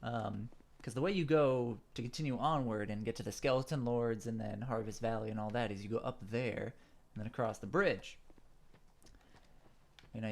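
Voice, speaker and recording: A man's voice: mid-range voice, a little mellow. Stuffy-nosed man rambling over gameplay. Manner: rambling, full of fillers and asides. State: a little stuffed up. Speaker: gaming channel host. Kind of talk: casual game commentary.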